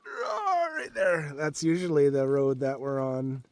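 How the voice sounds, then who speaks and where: A man's voice: a little high, wildly swooping pitch, unhurried, no echo. A man casually vlogging outdoors in a rainy forest, chatting and laughing often while he works on his truck and drives up a logging road. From Canada. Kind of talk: casual outdoor vlog narration.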